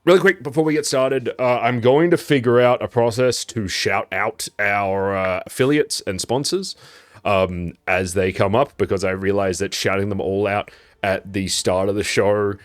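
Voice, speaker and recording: Australian man as a laid-back game master, lowish voice, dry close mic. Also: dry recording. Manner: chatty and loose, laughs easily. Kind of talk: casual stream intro.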